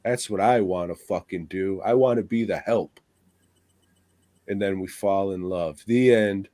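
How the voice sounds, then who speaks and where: A man's voice: low voice, unhurried, mellow. A man co-hosting a podcast, ranting crudely and swearing constantly in casual chat. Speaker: podcast co-host.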